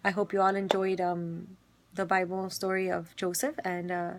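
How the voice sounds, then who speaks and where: A woman's voice: lowish voice, monotone, moderate pace, a little hiss or hum. A woman casually retelling a Bible story, filling it with quoted dialogue and everyday fillers.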